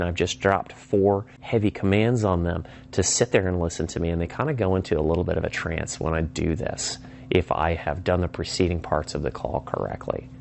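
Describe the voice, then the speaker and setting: A man with a fairly low voice teaches phone sales in an instructional talk. He speaks emphatically and acts out sample lines of a call. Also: creaky, darkish tone, slight background noise. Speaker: sales trainer.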